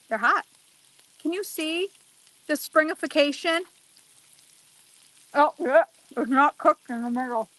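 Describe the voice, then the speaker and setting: A woman with a fairly high voice chats casually while she cooks outdoors on a deck. She talks straight to her viewers and exclaims freely as she works. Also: a little slow, pauses often, fairly bright tone, no echo. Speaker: cooking vlogger. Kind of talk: casual chat while cooking.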